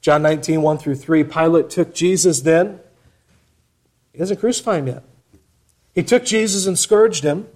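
A man preaching a sermon, asking rhetorical questions and swinging between loud emphatic passages and quiet ones. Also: a little high, normal speed, long pauses. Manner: rhetorical questions, rising for emphasis then dropping soft.

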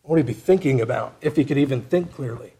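A man preaching a sermon, asking rhetorical questions and swinging between loud emphatic passages and quiet ones. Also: mid-range voice, quick pace, breathy edge. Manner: rhetorical questions, rising for emphasis then dropping soft.

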